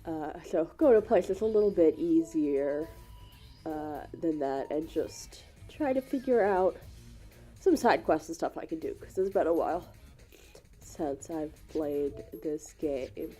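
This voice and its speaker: A woman's voice: low voice, slow pace, warm tone, soft background music. A woman with a cold, sounding congested and sniffly, hosting casual gameplay commentary in an apologetic, rambling way with many fillers. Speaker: gaming channel host.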